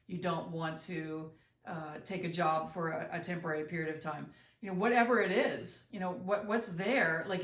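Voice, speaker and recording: Middle-aged woman, podcast co-host, reflective and halting, heard at a distance in a roomy space. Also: fairly low pitch. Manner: reflective, halting with fillers and restarts. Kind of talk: casual chat.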